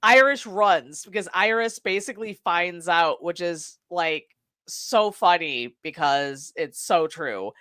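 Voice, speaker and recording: A woman's voice: on the low side, lively intonation, slow, fairly bright tone, no room sound. A woman co-hosting a podcast, retelling a movie plot in casual, profane chat and laughing often. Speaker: podcast co-host.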